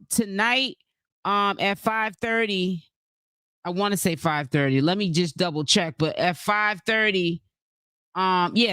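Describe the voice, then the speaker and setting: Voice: medium pitch, fairly bright tone, clear, resonant tone, no room sound. A YouTube host giving casual live-stream commentary, rambling with fillers and restarts and greeting viewers from the chat between points.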